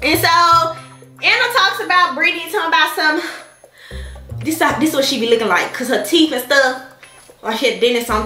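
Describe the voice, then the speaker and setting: Sassy high-voiced woman vlogger. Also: normal speed, long pauses, sharp tone. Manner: sassy, talks straight to viewers. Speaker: reaction vlogger. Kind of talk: animated reaction vlog. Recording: echoey room with faint music.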